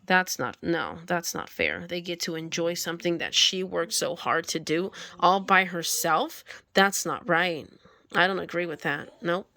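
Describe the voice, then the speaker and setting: A woman's voice: fairly low pitch, animated, a little slow, creaky, pushed and bright. A woman reading a picture book aloud, stopping often to comment on it and scold the characters. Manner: talks back to the story, scolding the animals. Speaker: storybook reader.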